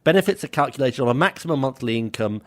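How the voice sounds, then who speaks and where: A man's voice: medium pitch, animated, fast. British man telling stories on a podcast. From Britain. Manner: chatty anecdotal storytelling with laughs and restarts. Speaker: podcast co-host. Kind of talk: casual chat.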